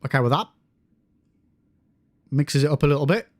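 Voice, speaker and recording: A man streaming a game live, excitable, swearing and exclaiming at what happens on screen. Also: fairly high pitch, normal speed, slight background noise. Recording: game music playing under the voice.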